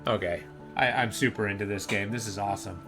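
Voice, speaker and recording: A man's voice: lowish voice, steady tone, fairly quick, music in the background. A man streaming a video game, chatting casually and enthusiastically about it. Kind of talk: casual gameplay commentary.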